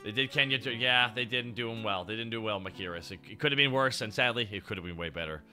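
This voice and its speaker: A man streaming, chatting with his chat in an animated way, swearing and laughing often. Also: lowish voice, quick pace, faint music behind. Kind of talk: casual chat.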